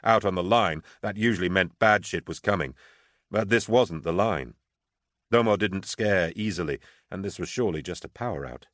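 A man reading a tense military novel aloud in a measured, low-key audiobook narration. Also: a bit bright, no room sound, clean studio sound.

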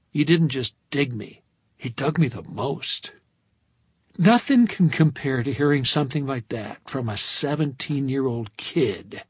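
A man narrating an audiobook in a wry, measured storytelling manner, recorded close to a studio microphone. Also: medium pitch, slightly rough, no echo.

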